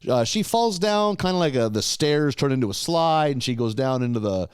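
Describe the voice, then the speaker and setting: A man's voice: mid-range voice, animated, moderate pace, clear, resonant tone, no echo, studio quality. A man co-hosting a podcast, casually recapping episodes in a laid-back way, with lots of swearing. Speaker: podcast co-host.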